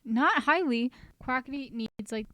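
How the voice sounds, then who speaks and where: A woman's voice: high-pitched, unhurried, pushed and bright, no room sound, rough recording. A woman casually recapping a story, chatty and full of joking asides. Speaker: recap host.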